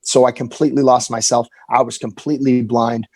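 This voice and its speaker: A man in his forties telling a candid personal story as an interview guest, earnest and halting, often restarting his sentences. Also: medium pitch, flat delivery, a little mellow, husky, no room sound, rough recording.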